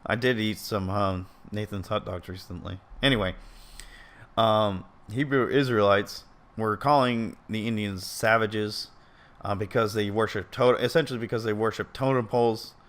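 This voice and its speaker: Rambling, earnest man with a lowish voice. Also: steady tone, normal speed, fairly bright tone. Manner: rambling, with frequent stumbles and self-corrections; earnest, openly opinionated. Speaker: video commentator. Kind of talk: casual commentary reading an article aloud.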